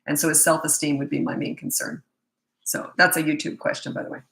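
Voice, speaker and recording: A woman's voice: sits low, little pitch movement, brisk, creaky, fairly bright tone. A middle-aged woman, a parenting coach, bluntly and emphatically answering viewer questions in a live Q&A session. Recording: echoey room.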